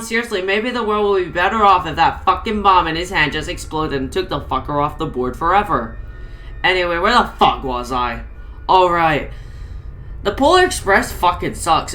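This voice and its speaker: A woman's voice: sits low, pushed and bright. A woman reading a rhymed comic story aloud in a crude, profane, ranting manner.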